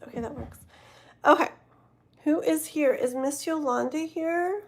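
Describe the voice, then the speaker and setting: A woman's voice: high-pitched, a little slow. A woman hosting a late-night livestream as a tarot reader, chatting casually with her viewers in a rambling way and sounding tired. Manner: chatty and rambling, talking to viewers in chat, many fillers and self-corrections. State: tired and yawning.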